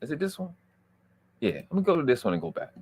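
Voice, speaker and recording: A man hosting a livestream, ranting in a heated, profane way and swinging from low muttering to loud outbursts. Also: sing-song, fast, vocal fry, breathy edge. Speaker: livestream host.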